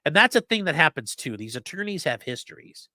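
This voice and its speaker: A man's voice: on the high side, very animated, brisk, pushed and bright, no room sound, studio quality. A male lawyer giving blunt, profane live-stream commentary and reading out chat.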